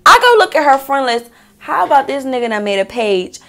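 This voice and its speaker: A woman telling a personal storytime in a casual vlog, animated and profane, talking straight to viewers. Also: high voice, fairly quick. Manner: bursts into laughter mid-story.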